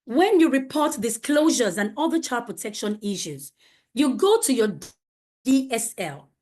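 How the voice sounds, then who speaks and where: A woman's voice: a little high, expressive, measured pace, darkish tone. A woman leading a safeguarding training for teachers, speaking emphatically and asking many rhetorical questions.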